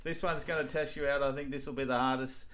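A man's voice: medium pitch, steady tone, fast, crowd noise. A man hosting a quiz on a casual podcast, reading out names in a laid-back way. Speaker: quizmaster.

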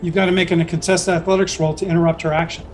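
A man acting as game master of a tabletop game, explaining rules and narrating scenes in a relaxed way with frequent self-corrections. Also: a little high, very fast, slight background noise.

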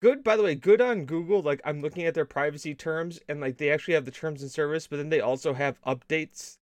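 A man co-hosting a casual gaming stream show, rambling and riffing in deadpan mock-spy bits. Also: fairly high pitch, fast talker, dry recording. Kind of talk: casual joking chat.

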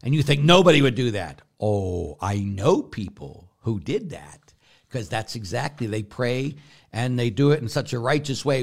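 A blunt, forceful priest, answering questions in a casual talk. He tells his stories with rambling restarts and plenty of "you know." His voice sits at an ordinary middle pitch for a man. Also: animated, moderate pace, gravelly. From Pittsburgh, United States.

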